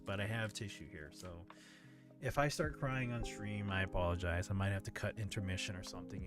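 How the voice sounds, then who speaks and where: A man talking casually on his livestream, reading out viewer comments and answering them candidly, now and then swearing. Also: on the low side. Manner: candid and conversational, often swears.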